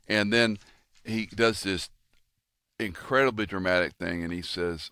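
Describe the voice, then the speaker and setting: A man in his sixties hosting a conversation, telling stories with lively acted-out quotes. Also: lowish voice, measured pace, pauses often, no room sound, studio quality. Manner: animated storyteller, acts out quoted voices. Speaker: podcast host and pastor. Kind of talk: casual conversation.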